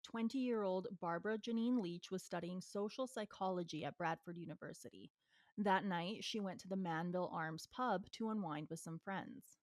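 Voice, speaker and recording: Woman co-host, curious questioner, steady case narration, dry mic. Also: lowish voice, moderate pace, no echo. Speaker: podcast co-host. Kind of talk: casual true-crime chat and case narration.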